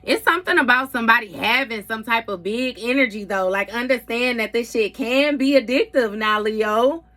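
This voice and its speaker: A woman's voice: on the high side, normal speed, sharp tone. Blunt, profane woman tarot reader. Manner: reacts with frequent mm-hmms. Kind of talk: casual tarot reading.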